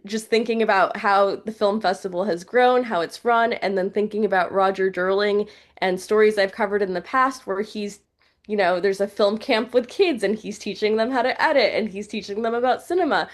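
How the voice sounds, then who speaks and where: A young woman journalist and news reporter, appearing as a podcast guest, speaks in a mid-range voice at normal speed. Her chat is casual and heartfelt, packed with fillers like "like."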